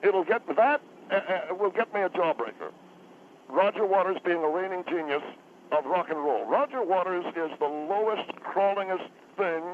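A man's voice: sits high, expressive, normal speed. A man playing a rambling, indignant TV newsman calling in to a radio show. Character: blustery male TV newsman calling in. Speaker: news reporter caller. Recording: tinny phone line, faint noise.

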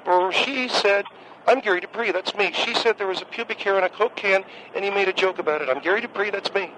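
A man voicing an awkward, obsessive male caller on a comedic radio call-in sketch, who talks in a monotone and keeps repeating the same catchphrase. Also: high-pitched, fast talker, noisy background, pitched above the performer's own voice, close to an everyday voice. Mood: droning.

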